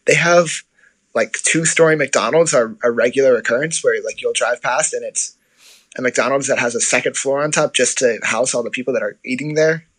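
Chatty guy, casual talk, mid-pitched voice, rambles with fillers and self-corrections. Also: normal speed, a bit bright, husky, rough recording. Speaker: guest describing life abroad. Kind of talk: casual conversation.

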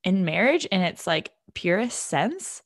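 A woman's voice: lowish voice, very animated, measured pace, no room sound, clean studio sound. A young woman talking casually about faith and dating, chatty and full of fillers. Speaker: speaker sharing a faith testimony.

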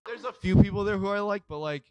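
A young man telling a story in casual chat, rambling, swearing freely and filling every pause with "like". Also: high-pitched, darkish tone, smooth, dry recording. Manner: rambling, swears a lot, fills with "like".

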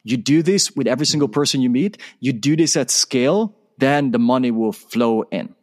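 A man's voice: mid-range voice, normal speed, a little mellow. A man guesting on an interview show tells a story with energy. He acts out the conversation, switching between his own lines and the other person's.

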